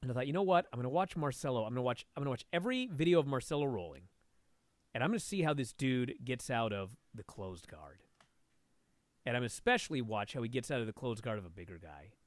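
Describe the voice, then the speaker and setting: A man talking as a guest and instructor, telling a story in a casual, animated way and swearing freely. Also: mid-range voice, fast talker, dry recording. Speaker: podcast guest, martial arts instructor.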